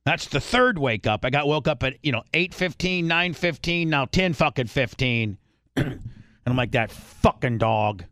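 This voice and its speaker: A man hosting a podcast, telling a long rambling story in casual chat, swearing freely and clearing his throat often. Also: fairly high pitch, lively intonation, normal speed, bright, forceful tone, dry recording, clean studio sound. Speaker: podcast host.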